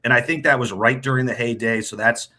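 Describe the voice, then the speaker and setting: A man's voice: medium pitch, fairly even intonation, a little fast, sharp tone. A middle-aged man from New England, a team broadcaster chatting as a guest, rambling with lots of restarts and repeated words. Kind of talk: casual interview chat.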